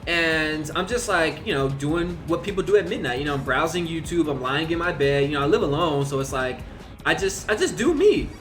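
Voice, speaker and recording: A young man with a high voice tells a personal story in a loose, rambling way. He fills his talk with fillers and swearing, and faint music plays behind him. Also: lively intonation, fairly quick, fairly bright tone. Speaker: vlogger. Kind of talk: casual storytelling.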